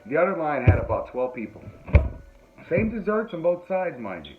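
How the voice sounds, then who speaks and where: A man's voice: fairly high pitch, sing-song, normal speed. A man hosting a podcast, telling a rambling comic story with frequent laughs and self-mocking asides. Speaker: podcast host. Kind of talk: comedic storytelling. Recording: phone-like tinny audio, faint noise.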